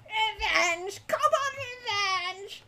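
A woman's voice: expressive, extremely slow, heavy background noise, exaggerated voice. A woman reading aloud, voicing a small vengeful kobold that shrieks and snarls in broken speech. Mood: cackling. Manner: shrill, snarling, clipped broken grammar.

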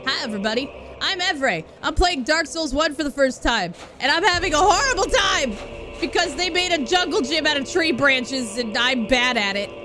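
A woman's voice sits high, with lively intonation and normal speed, as she streams a game live and talks to her chat. Over the game music, her chatter swings expressively from gushing to grumbling.

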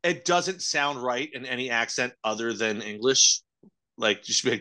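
A young man with a bright, forceful voice co-hosts a casual podcast. He talks in a laid-back, jokey way, firing off quick asides and riffs. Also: mid-range voice. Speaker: podcast co-host. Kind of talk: casual chat.

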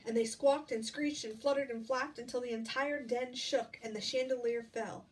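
A woman's voice: on the high side, normal speed. Woman reading a picture book to kids. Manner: lively, asks listeners questions about the pictures. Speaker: storybook reader. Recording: distant mic, faint background noise.

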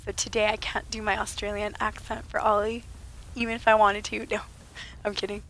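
A woman livestreaming a game, chatting playfully with viewers and laughing often, her voice a little rough from being sick. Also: mid-range voice, flat delivery, a little fast, fairly bright tone, slight background noise. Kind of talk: casual livestream chat with viewers.

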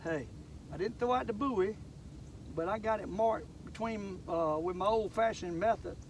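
Older man, fishing vlog host; folksy, excitable, high-pitched, recorded on a lake with boat noise, mic at a distance. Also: moderate pace, lo-fi sound. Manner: folksy, excitable, talks straight to viewers. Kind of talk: casual fishing vlog narration.

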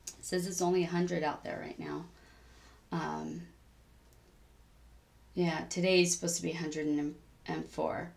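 A woman's voice: lowish voice, flat delivery, unhurried, gravelly, pauses often, darkish tone. A woman chatting in a rambling diary-style crafting vlog, with many ums, sounding a bit tired. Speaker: cross-stitch vlogger.

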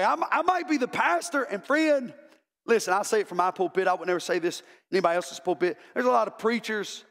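A man's voice: high voice, animated, fast talker, a bit bright, in a large hall. A male pastor preaching an impassioned sermon, repeating words as he builds to emphatic calls. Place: church sanctuary.

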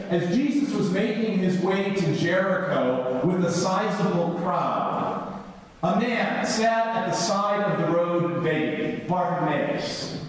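A man who is a Jesuit priest, giving a reflective talk that retells a story with wry humor. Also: sits high. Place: school hall or auditorium. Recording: echoey hall, far from mic.

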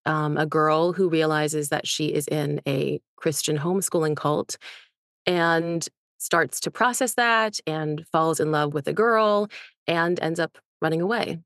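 A woman audiobook narrator and author, reading in a soft, intimate first-person voice and then chatting about her book. Her voice sits a little low with plenty of vocal fry, recorded dry and close. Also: measured pace, no room sound. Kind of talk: audiobook reading and interview chat.

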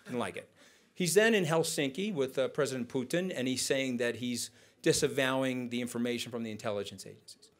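A man tells stories from a conference stage. His delivery is animated and conversational. He slips into other people's voices to act out quotes as he goes. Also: medium pitch, brisk. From United States. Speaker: guest speaker. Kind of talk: onstage storytelling conversation.

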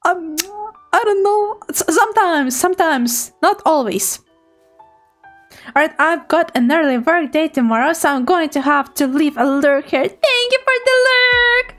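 A very high-pitched woman streaming as a VTuber, chatting casually with her viewers. She is bubbly and giggly and teases playfully as she greets people. Soft music plays faintly behind her. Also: unhurried.

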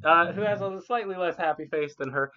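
A woman's voice: on the low side, brisk, pushed and bright, slight background noise. A woman narrating as game master in a casual, laughing, sometimes swearing way. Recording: muffled lo-fi audio.

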